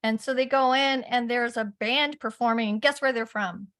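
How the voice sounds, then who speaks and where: A woman's voice: a little high, normal speed, fairly bright tone. A woman on an online call who tells a story with enthusiasm and laughs easily. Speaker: call participant. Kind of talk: casual storytelling. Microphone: video call.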